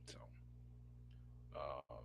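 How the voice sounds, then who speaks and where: A man hosting a livestream, ranting casually in a profane, animated way, often stammering and restarting his words. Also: extremely slow, background noise. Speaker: livestream host.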